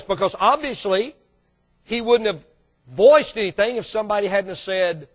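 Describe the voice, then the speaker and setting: A man preaching a sermon as the church's pastor, swinging from loud bursts to hushed asides and calling out to the congregation. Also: high-pitched, lively intonation, normal speed, husky. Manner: calls out to the congregation for response.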